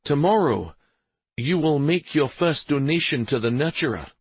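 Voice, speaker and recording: A man voicing a stern, commanding adult prince who speaks in measured, imperious tones, in a storybook reading. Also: on the high side, lively intonation, breathy edge, no room sound, pitched above the performer's own voice. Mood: fatherly.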